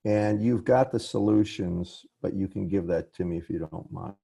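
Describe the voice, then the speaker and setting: This man's low, gravelly, dark-toned voice carries a breathy edge as he lectures at a moderate pace over a video call on his computer mic. The professor frequently self-corrects, restarts, and says sorry.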